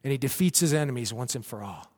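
A man preaching a sermon with animated delivery, acting out cheering crowds. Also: medium pitch, fast, long reverb tail.

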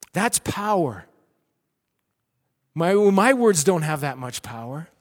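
A man preaching a sermon with animated delivery, acting out cheering crowds. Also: on the high side, big-room sound.

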